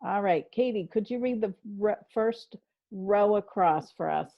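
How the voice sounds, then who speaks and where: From home on a video call, a woman leads a spelling lesson, describing her on-screen steps with patient encouragement. Her voice sits at medium pitch with vocal fry and a measured pace, and the high frequencies of the call audio are cut off.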